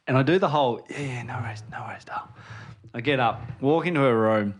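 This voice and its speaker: A man, co-hosting a podcast in casual chat and telling a parenting story, dropping to a hush when he acts out sleepy moments. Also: mid-range voice, lively intonation, fast talker. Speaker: podcast co-host.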